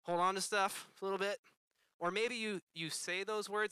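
A man's voice: high voice, normal speed, pushed and bright, smooth, no echo. A young man preaching a sermon, earnestly addressing his congregation as "guys" and asking them questions.

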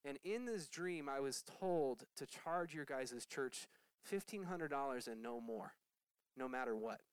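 Animated preaching man with a smooth voice. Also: measured pace, dry recording, poor audio. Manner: animated storytelling, leaps high when excited. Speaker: pastor. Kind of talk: sermon testimony.

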